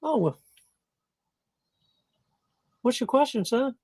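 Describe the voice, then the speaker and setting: A soft, caring mother's voice, raised high and kept gentle and patient, as a man puts her on for a joke. She answers warmly in a lifted falsetto, and her delivery is slowed and reassuring. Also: animated, exaggerated voice. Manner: gentle, soothing, stifling laughter. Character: patient nurturing mother, busy in kitchen.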